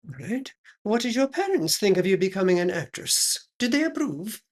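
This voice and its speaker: A woman's voice: medium pitch, big pitch swings, moderate pace. A woman playing a pompous aristocratic lady who hosts a chat show, affected and drawling, dropping French phrases. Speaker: host.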